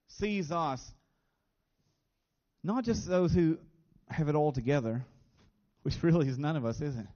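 Male pastor, fairly high voice, earnest sermon delivery, muffled lo-fi recording. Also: a little mellow. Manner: earnest, repeats words when stressing a point.

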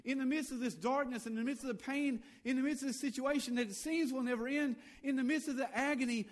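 A male pastor preaching a sermon, swinging between loud and hushed lines and building on repeated phrases. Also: extremely high pitch, fairly even intonation, fast talker, hardly any pauses.

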